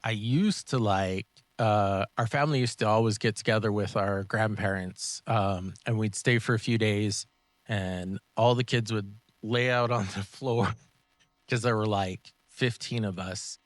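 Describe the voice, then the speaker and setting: A man's voice: on the low side, unhurried, no echo. A man co-hosting a casual podcast, chatting loosely and giving practical tips. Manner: relaxed, gives practical tips. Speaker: podcast co-host, martial arts instructor. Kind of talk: casual chat.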